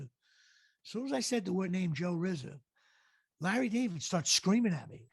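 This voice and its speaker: An animated man telling showbiz stories as an interview guest. His voice sits high for a man, gravelly and husky, and it is recorded close and dry. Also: moderate pace, pauses often, dry recording. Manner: animated storyteller acting out quotes. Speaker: actor and comedian guest. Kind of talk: storytelling in a casual interview.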